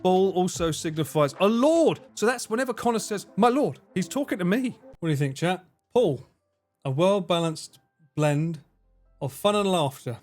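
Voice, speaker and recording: A man livestreaming a game, excitable, swearing and laughing often as he chats. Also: high voice, normal speed, faint music behind. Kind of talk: casual gaming livestream chat.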